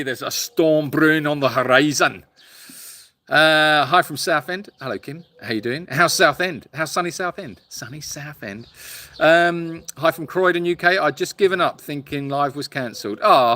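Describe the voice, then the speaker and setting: A tired, hot man hosting a casual live stream from an animal sanctuary on his phone, rambling and halting with many fillers while answering viewers. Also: on the high side, bright, forceful tone. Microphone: phone held for a live stream.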